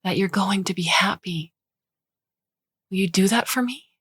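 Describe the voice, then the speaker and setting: Lady doing a gentle robot mom, soft little whispers, low voice, dry. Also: a little slow, slightly rough, dry recording. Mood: pleading. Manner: soft, tender, partly whispered. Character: gentle robot stand-in for a loving mother.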